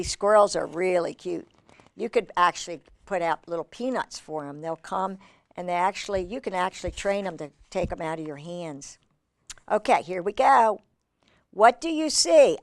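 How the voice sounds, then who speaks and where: A woman reading a picture book aloud to children, animated and exclamatory with chatty asides. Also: fairly low pitch, no echo, studio quality. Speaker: children's storyteller.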